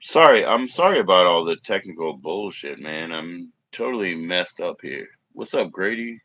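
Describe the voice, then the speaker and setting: A livestreamer with a low, fairly bright voice chats loosely with his viewers at a moderate, animated pace, with no echo. He rambles and swears while wrestling with technical trouble, coughing now and then.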